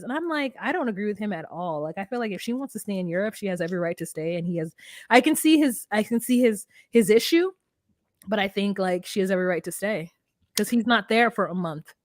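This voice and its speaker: A woman co-hosting a casual reality TV recap chat, animated and laughing as she acts out the cast's lines. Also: medium pitch, normal speed, long pauses, no room sound, studio quality. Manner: animated, laughing, acting out cast members' lines. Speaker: podcast co-host.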